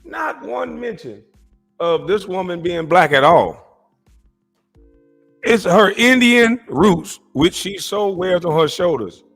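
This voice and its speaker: A man's voice: high voice, animated, slow pace, vocal fry, a bit bright, soft background music. A man hosting a casual commentary show, reacting to clips in an indignant, mocking way.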